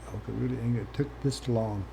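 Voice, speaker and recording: As a guest in an interview, a former First Nations chief, an older man from Canada, shares his life story in a frank, plain-spoken manner that moves from hushed to lively. He speaks at a quick pace in a creaky, medium-pitched voice over background noise.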